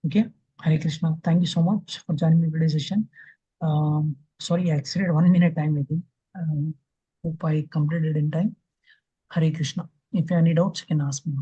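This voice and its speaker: Man teacher, fairly high voice, dark and husky, dry dull call audio, earnest storytelling lecture. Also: steady tone, moderate pace, no echo. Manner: earnest, acts out quotes, many fillers. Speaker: spiritual class teacher.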